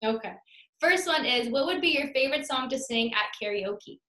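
A woman's voice: a little high, lively intonation, normal speed, a bit bright. A woman hosting an interview, asking upbeat, encouraging questions in casual chat. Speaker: interview host. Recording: echoey room.

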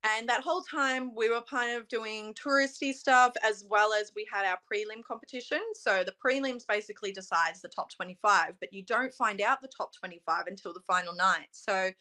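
Guest: Australian woman in her twenties, Australian accent, bright and chatty, quick talker full of ums. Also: mid-range voice. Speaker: pageant contestant guest. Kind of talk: casual interview chat.

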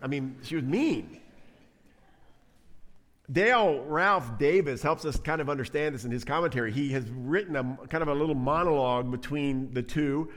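A man preaching a sermon in an animated, conversational way. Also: medium pitch, moderate pace. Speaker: pastor.

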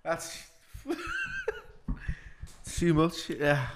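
A laid-back male host asks questions slowly and reacts with easy profanity. His pitch swings widely as he talks. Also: huge pitch swings, noisy background. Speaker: podcast host. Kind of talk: casual interview.

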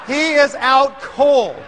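A man telling a story to an audience, animated and acting out the scene. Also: high-pitched, a little hiss or hum. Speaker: speaker telling a sales story. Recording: long hall reverb.

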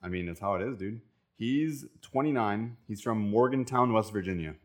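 Young man, Miami accent, lower voice, animated co-host chatter. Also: moderate pace. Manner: animated, joking, swearing. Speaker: podcast co-host. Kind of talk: casual chat.

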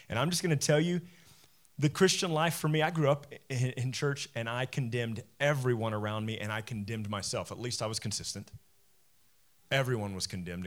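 A man in his forties preaching a sermon as a pastor, animated and conversational, often self-deprecating. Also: medium pitch.

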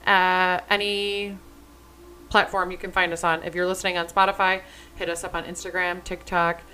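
A woman's voice: lowish voice, flat delivery, normal speed, sharp tone, slight background noise, low-quality recording. A young adult woman co-hosting a podcast in casual chat, talking bluntly and emphatically and swearing freely. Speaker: podcast co-host.

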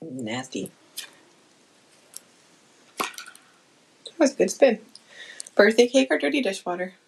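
A woman's voice: on the high side, expressive, normal speed, gravelly, slight background noise, low-quality recording. A woman visiting a friend at home, chatting casually and teasingly through a gross-flavour taste challenge, laughing and swearing. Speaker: guest friend. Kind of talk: casual chat while doing a taste challenge.

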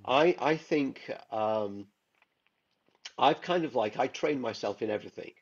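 A man's voice: mid-range voice, animated, measured pace, lo-fi sound. A man, a guest artist chatting enthusiastically in an interview, rambling with lots of fillers. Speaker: guest illustrator. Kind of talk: casual interview chat.

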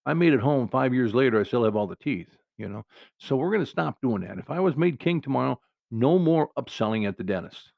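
A man's voice: mid-range voice, expressive, brisk, creaky, no echo, highs cut off. A man hosting a podcast, telling meandering comic stories in a folksy, self-interrupting way. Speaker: podcast host. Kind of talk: rambling comic storytelling monologue.

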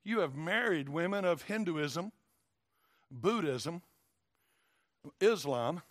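Southern preacher, folksy and emphatic, bright gravelly voice, dry close sound. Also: male voice, expressive, measured pace, long pauses, no echo. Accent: Southern US, Tennessee. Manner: folksy, emphatic, swings from low asides to shouts. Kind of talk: sermon.

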